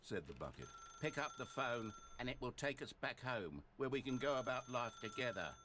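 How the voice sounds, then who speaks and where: An actor playing a male game narrator with measured, dryly sarcastic storytelling over game music. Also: medium pitch, very animated, a bit bright, slight background noise. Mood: wry. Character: wry male narrator, dry and fretful. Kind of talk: scripted narration.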